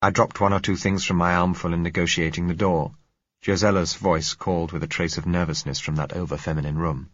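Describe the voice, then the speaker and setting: A man narrating an audiobook in a measured, dramatic reading. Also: low-pitched, steady tone, fairly bright tone, breathy edge, dry recording. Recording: dull, dry recording.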